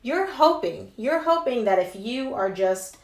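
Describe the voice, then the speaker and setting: A woman's voice: fairly high pitch, animated, a little slow. A young adult woman giving a casual tarot reading, talking emphatically and slangily straight to her viewers. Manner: chatty and emphatic, slangy asides. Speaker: tarot reader. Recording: roomy echo.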